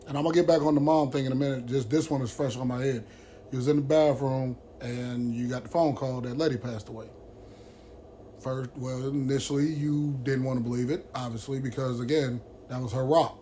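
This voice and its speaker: A man's voice: medium pitch, fairly even intonation, fairly quick, warm tone, a little hiss or hum. A man hosting a vlog who tells a friend's story to the camera in a blunt, heated way, with constant swearing. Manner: blunt, heavily profane and heated.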